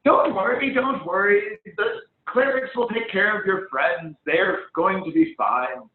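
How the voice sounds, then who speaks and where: A man voicing a small halfling woman guildmaster with a brisk, bossy manner, over phone-like call audio. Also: sits high, roomy sound, slight background noise, pitched above the performer's own voice. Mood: reassuring.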